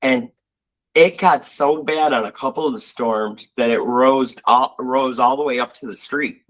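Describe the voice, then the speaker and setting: A man's voice: mid-range voice, unhurried, rough recording. A man co-hosting a casual chat, telling rambling stories with lots of fillers. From Buffalo, New York. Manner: rambling storyteller, animated, frequent fillers. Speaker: co-host.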